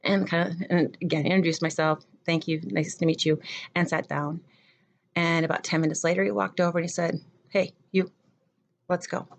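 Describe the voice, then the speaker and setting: A middle-aged woman with a fairly low voice tells a personal story as a theater professor. She acts out every exchange and lets her pitch leap up when she quotes others. Her delivery is animated and conversational. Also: fairly quick, creaky. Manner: animated retelling, acting out dialogue with pitch jumps.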